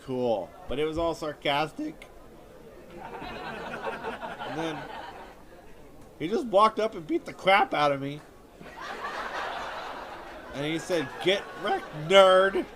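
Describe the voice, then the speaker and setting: Whiny high-voiced man doing stand-up. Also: animated, takes it slowly, pauses often, a crowd in the background. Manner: whiny, self-pitying storytelling. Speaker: stand-up comedian. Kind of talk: stand-up comedy monologue. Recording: audience laughter and background noise.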